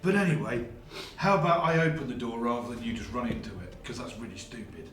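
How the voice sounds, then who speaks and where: A man's voice: mid-range voice, fast talker, fairly bright tone. A man playing a tabletop game, dry and sarcastic in his remarks. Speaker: player. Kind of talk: casual tabletop play. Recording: echoey room with music behind.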